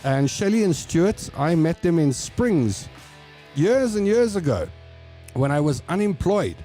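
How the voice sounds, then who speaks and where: A South African man hosts a show, casually telling rambling personal stories with repeats; he's chatty throughout. His voice is a little high, sing-song and dark in tone, at a measured pace, with faint music behind him.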